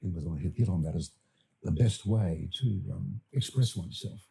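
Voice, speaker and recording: An older Australian man, an actor and director, talking as a podcast guest in a thoughtful, halting way with many fillers and restarts. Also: deep voice, creaky, dark tone, husky. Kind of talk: podcast interview.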